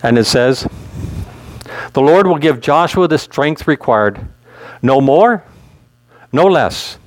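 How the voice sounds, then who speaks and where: A man's voice: a little high, expressive, slow, no echo. A male pastor preaching a sermon in a conversational way, asking his listeners questions.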